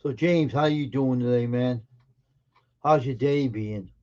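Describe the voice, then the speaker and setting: A man's voice: mid-range voice, measured pace, a little mellow. Teasing male stream host, lo-fi sound. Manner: teasing and offhand with chat. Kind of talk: casual chat greeting viewers.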